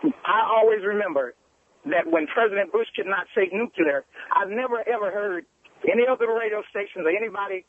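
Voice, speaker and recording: A man calling in to a radio show, earnest and halting, with many restarts. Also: sits high, expressive, no room sound. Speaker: caller. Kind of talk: radio call-in complaint. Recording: tinny phone line.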